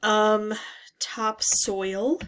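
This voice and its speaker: A woman hosting a word-game channel, musing aloud through a puzzle with hesitant pauses and frequent "um"s. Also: medium pitch, steady tone, a bit bright. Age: adult parent. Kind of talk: thinking-aloud puzzle talkthrough.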